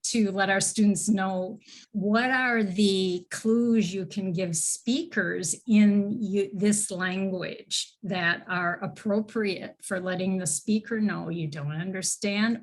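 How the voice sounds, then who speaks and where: A woman teacher trainer giving a live online lecture on teaching listening, explaining slowly with fillers and self-corrections over a video call. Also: mid-range voice, fairly even intonation.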